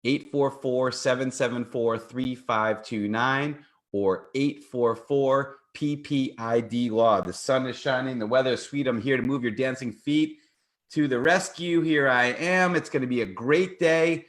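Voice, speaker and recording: A middle-aged man hosts a morning legal call-in radio show with an even, mid-range voice. He sounds upbeat and a little salesy, with a playful, joking manner. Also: mid-range voice, normal speed. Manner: upbeat, promotional, playful banter. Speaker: personal injury attorney and show host.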